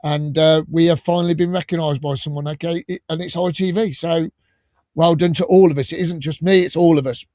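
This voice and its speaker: A man with an English Midlands accent hosting a casual fan podcast, chatting and telling stories in a lively way. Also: a little high, fairly quick, no room sound, studio quality. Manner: chatty storyteller, lively and animated. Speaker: podcast host. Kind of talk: casual chat.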